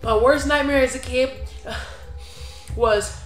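A woman's voice: sits high, steady tone, takes it slowly. Playful young woman in an echoey room. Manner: playful, hyping and teasing. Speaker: vlogger. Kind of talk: casual chat. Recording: echoey room with music behind.

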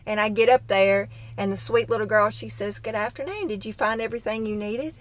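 A woman's voice: mid-range voice, a little fast. A woman telling an exasperated, dramatic comic rant with expressions. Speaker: comedic vlogger.

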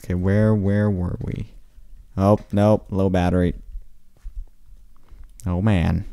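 A man playing a video game and commenting casually, rambling to himself with excitable outbursts. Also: deep voice, takes it slowly, clear, resonant tone, no echo. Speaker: gaming channel host. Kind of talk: casual let's play commentary.

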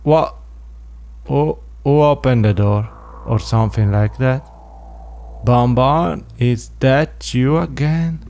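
A man's voice: medium pitch, slow, a little mellow, slight background noise. A man commenting on a horror game as he plays, with jumpy exclamations and frequent swearing. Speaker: game player. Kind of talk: let's play commentary.

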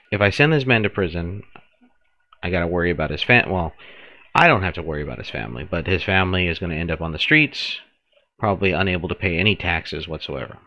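A man's voice: deep voice, no room sound, lo-fi sound. A man casually commenting on his gameplay, thinking aloud with restarts and jokes. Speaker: gameplay streamer.

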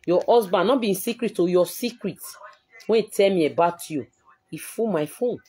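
A woman's voice: mid-range voice, animated, normal speed, warm tone, slightly rough. A woman with a Nigerian Pidgin English accent talking on a live stream, aggrieved and defensive as she replies to viewers. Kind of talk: emotional live-stream talk.

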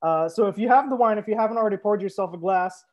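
A young sommelier talks fast in a high-pitched voice while hosting a live wine tasting, and the sound quality is lo-fi. He's chatty and upbeat, speaking right to his viewers.

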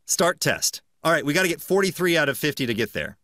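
A man's voice: a little high, lively intonation, quick pace, pushed and bright, dry recording, clean studio sound. A man hosting a podcast in casual chat, playfully reading quiz questions aloud and laughing mid-sentence. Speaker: podcast host.

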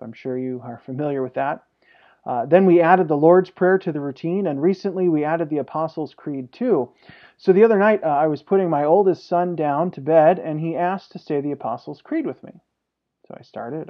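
A man's voice: fairly high pitch, moderate pace, creaky, muffled recording. A male pastor, likely in his thirties, preaching a sermon and telling a family story with frequent "uh" fillers.

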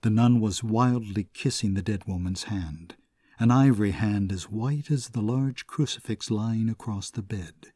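Male narrator, somber and measured, mellow and a little husky, storybook reading. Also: lowish voice. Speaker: audiobook narrator. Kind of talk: scripted narration of a classic short story.

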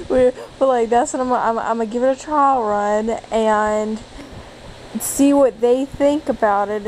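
A woman closing out her home vlog at night in a somewhat high voice. She stumbles over her words, restarts and fills every pause. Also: darkish tone, a little hiss or hum, poor audio. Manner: stammering, restarting, lots of fillers. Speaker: vlogger. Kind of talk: casual vlog chat.

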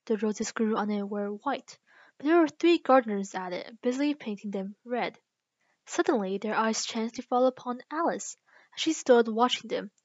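A woman's voice: a little high, animated, a little mellow, no room sound, dull audio. Woman reading a storybook aloud. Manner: slow, careful reading with small restarts. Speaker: reader. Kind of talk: reading a children's book aloud.

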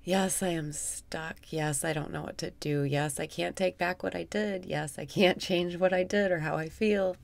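A woman guiding a meditation, speaking softly and often slipping into a whisper, with wry, self-mocking laughter. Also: fairly low pitch, fairly even intonation, moderate pace, creaky, few pauses, dry recording. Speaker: meditation guide. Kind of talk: guided meditation.

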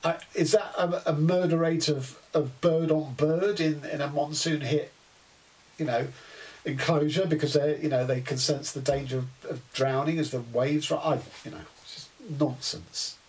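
A man's voice: on the high side, steady tone, moderate pace, a little mellow, low-quality recording. A man giving a casual book review, wry and exasperated, with many fillers.

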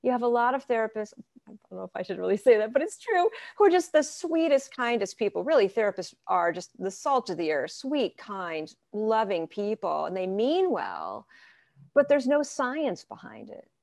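A woman therapist answering interview questions in a lively, conversational way, acting out what clients say. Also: mid-range voice, moderate pace, gravelly, no echo, clean studio sound. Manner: lively, acts out clients' arguments in quotes. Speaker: therapist guest.

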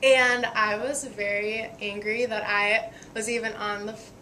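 A young woman, a college midfielder, answers interview questions with deadpan jokes and some laughter. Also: medium pitch, unhurried, slight background noise. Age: young adult.

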